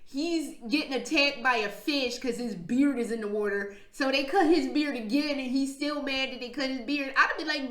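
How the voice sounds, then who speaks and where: A woman's voice: high voice, measured pace. A woman vlogging, retelling stories in a casual, profane, slang-heavy way with frequent laughs. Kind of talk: casual storytelling vlog. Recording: echoey room.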